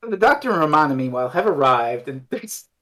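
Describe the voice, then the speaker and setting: Male podcast co-host, casual and animated, very lively pitch. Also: a little fast. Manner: animated, acts out characters mid-recap. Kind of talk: casual chat.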